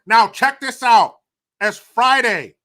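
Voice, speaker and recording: A man's voice: extremely high pitch, animated, slow pace, pitched above the performer's own voice, heavily acted. A man putting on a pompous head of state. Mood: grandiose. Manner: overblown, loud mock-accented delivery. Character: pompous male world leader, grandly gracious.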